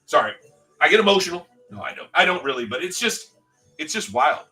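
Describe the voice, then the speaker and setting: A man's voice: mid-range voice, sing-song, brisk, pushed and bright. A man hosting a livestream in casual chat, rambling and swearing as he reads out viewers' comments. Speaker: livestream host. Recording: distant mic with faint background music.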